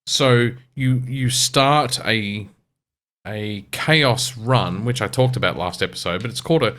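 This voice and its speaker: A man's voice: mid-range voice, unhurried, fairly bright tone. An Australian man co-hosting a podcast, explaining a game at length in casual chat, with restarts. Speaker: podcast co-host.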